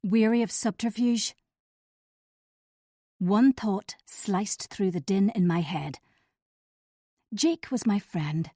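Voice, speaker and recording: A woman telling a first-person thriller audiobook in a measured, steady way, on a close mic. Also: mid-range voice, no echo. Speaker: audiobook narrator.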